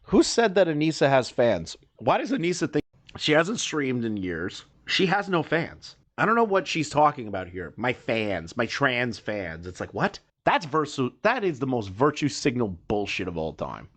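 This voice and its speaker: A man reacting to a video as a commentary streamer, mocking and swearing as he rambles, with sudden loud high outbursts. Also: very animated, normal speed.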